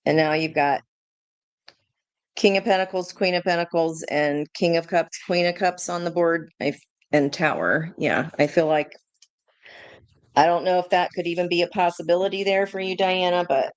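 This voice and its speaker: A woman's voice: lowish voice, moderate pace, no echo. A woman doing a live tarot reading, thinking aloud in a chatty way, laughing often and swearing casually. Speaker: tarot reader.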